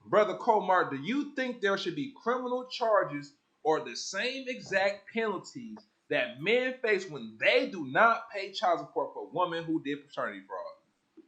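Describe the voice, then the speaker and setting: Animated high-voiced man hosting a podcast. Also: unhurried. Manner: animated, slangy and profane, storytelling with asides. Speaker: podcast host. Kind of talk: casual podcast chat.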